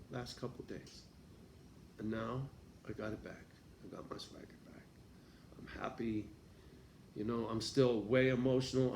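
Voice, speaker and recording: A man's voice: mid-range voice, creaky, a little mellow, echoey room, a little hiss or hum. Profane rambling man vlogging. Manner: profane, rambling, laughs often. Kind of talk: casual vlog monologue.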